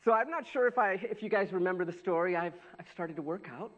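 A man's voice: high voice, quick pace. A man preaching a sermon as pastor, telling stories with lots of restarts and repetition. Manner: animated storytelling with repetitions. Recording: dull lo-fi sound.

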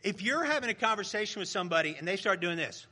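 A man's voice: sits high, expressive, quick pace, sharp tone, slight background noise. A middle-aged male pastor preaching a sermon in a conversational, joking way with the congregation.

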